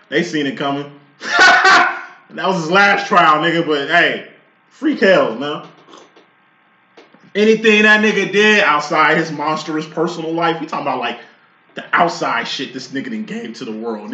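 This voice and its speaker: A man in his late thirties talks through a tarot spread in loose, profane tangents. His voice sits high and sounds sharp and forceful, bursting into loud outbursts, with a roomy echo around it. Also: muffled recording. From Chicago. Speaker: tarot reader. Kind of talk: casual tarot reading talk.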